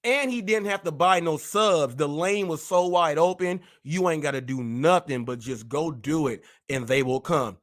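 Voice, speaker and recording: A man hosting a live stream, boasting and trash-talking in rapid-fire wordplay. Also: a little high, a bit bright. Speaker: host.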